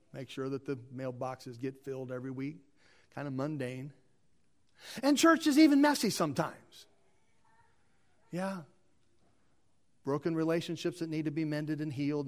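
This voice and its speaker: A man preaching as pastor, moving between quiet asides and loud emphatic lines while leading a dedication. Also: fairly high pitch. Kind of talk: sermon and responsive reading.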